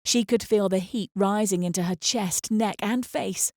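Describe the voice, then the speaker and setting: A woman narrates an audiobook in a medium-pitched voice, storytelling with measured expression. She sits close to the mic in a dry recording.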